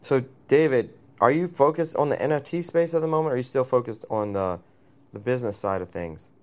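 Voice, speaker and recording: A man's voice: medium pitch, a little fast, darkish tone. A man hosting a casual online voice chat, asking questions and joking with a teasing manner. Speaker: host.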